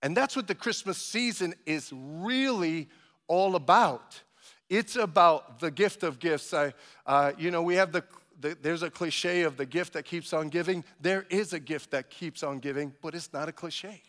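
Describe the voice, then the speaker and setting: A man preaching a sermon as pastor, building to loud emphatic calls and asking his congregation for amens. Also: on the high side, normal speed, long reverb tail.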